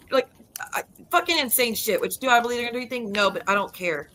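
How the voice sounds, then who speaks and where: A woman's voice: a little high, animated, quick pace, sharp tone, a little hiss or hum, poor audio. A woman YouTuber ranting in a casual vlog, heated and blunt, swearing freely and repeating her denials with emphasis. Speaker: YouTuber and live streamer.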